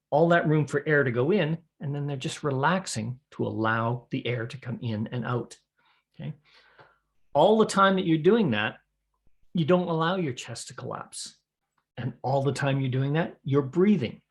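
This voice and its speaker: A middle-aged man gives a spoken lesson to square dance callers. His voice sits at an ordinary middle pitch. He explains breathing in a folksy, practical way and acts out each step as he goes. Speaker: square dance calling instructor.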